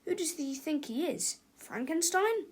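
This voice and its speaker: A woman's voice: high-pitched, sing-song, measured pace, pitched above the performer's own voice. A woman doing a dry, mocking schoolboy. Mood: wry. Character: wry schoolboy. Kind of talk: storybook read-aloud.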